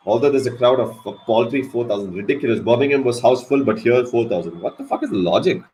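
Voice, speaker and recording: A man giving live ball-by-ball cricket commentary on a watch-along stream, excitable and swearing at big moments. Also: medium pitch, fast talker, hardly any pauses, rough recording. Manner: excitable, swears, animated reactions.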